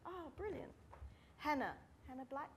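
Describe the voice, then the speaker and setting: A woman, a speech pathology lecturer giving a friendly, brisk welcome talk to students and calling out names. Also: high voice, animated, slight background noise. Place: university room with students.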